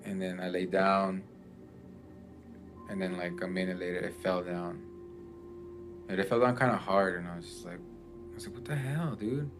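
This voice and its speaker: A man's voice: deep voice, little pitch movement, moderate pace, long pauses, over music. A man in casual chat, telling a story with lots of fillers and restarts. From Mexican family background. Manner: rambling, many fillers.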